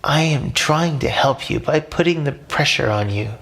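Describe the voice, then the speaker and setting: A man's voice: fairly high pitch, vocal fry, a bit bright, pitched above the performer's own voice. A man doing a stern giant octopus lady. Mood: firm. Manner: firm, slow and instructive. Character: giant stern but caring female octopus.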